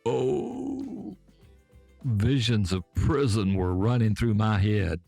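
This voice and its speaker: A man in his seventies with a Georgia accent telling folksy tales in an unhurried way, talking straight to his listeners. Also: fairly low pitch, sing-song, vocal fry, darkish tone, no room sound, soft background music. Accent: Southern US, Georgia. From Georgia, USA. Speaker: storyteller host. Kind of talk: folksy spoken storytelling. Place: back porch.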